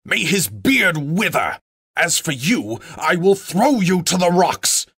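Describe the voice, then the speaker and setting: A man's voice: mid-range voice, animated, a bit bright, dry recording, clean studio sound. A man voicing a proud, stern male dwarf king, grave and commanding. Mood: raging. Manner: grave, commanding, quick to wrath.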